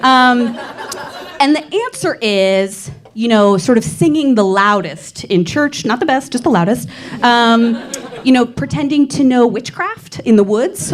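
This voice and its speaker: A woman's voice: fairly high pitch, expressive, moderate pace. A young woman doing a stand-up set, self-mocking and playful, often breaking into laughter. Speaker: stand-up comedian. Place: comedy club stage.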